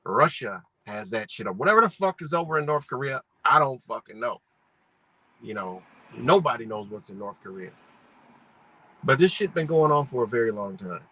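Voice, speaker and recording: A man's voice: medium pitch, lively intonation, moderate pace, pushed and bright, husky, dry recording, rough recording. A man hosting a live stream, talking in a rambling, profane, slangy way and firing rhetorical questions at his viewers. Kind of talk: casual live-stream rant.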